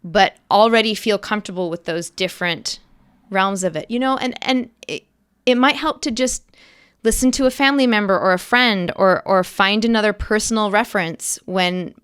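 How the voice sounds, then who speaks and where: A woman's voice: mid-range voice, moderate pace, fairly bright tone, clean tone, dry recording, clean studio sound. A woman actress, a guest in an interview, talking casually and acting out little quoted voices as she explains.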